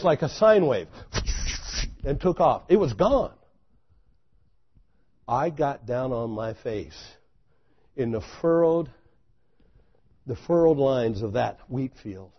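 A man preaching a sermon, telling a story dramatically, swinging from loud exclamations to hushed intensity. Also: mid-range voice, expressive, takes it slowly, pauses often, breathy edge, highs cut off.

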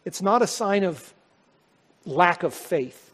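A male pastor preaching a sermon, swelling to loud, high peaks and then dropping to soft, quiet lines. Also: lively intonation, slow, breathy edge. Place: church sanctuary. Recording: long hall reverb.

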